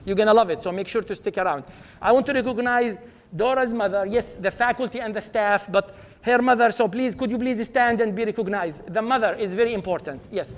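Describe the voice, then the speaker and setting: At an awards ceremony in a large auditorium, a high-voiced man serving as dean speaks briskly and cheerfully. He reads out the honorees and leads the audience's applause, with the hall's reverb audible.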